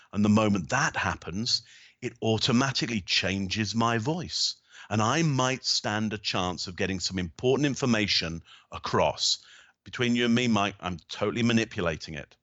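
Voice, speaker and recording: A man's voice: on the low side, expressive, normal speed, fairly bright tone, dry recording, highs cut off. A middle-aged man answering interview questions as a body language expert, explaining thoughtfully and often restarting his phrases.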